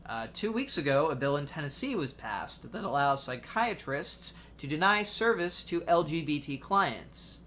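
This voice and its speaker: A young adult man narrating a personal essay in a measured, wry storytelling manner. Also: a little high, lively intonation, sharp tone, slight background noise. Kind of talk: reading a personal essay aloud.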